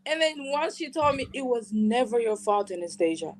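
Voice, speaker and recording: A woman from Burundi telling her personal story in an interview, emotional and animated, with casual slang. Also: on the high side, fairly quick, a little hiss or hum. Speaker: guest sharing personal story.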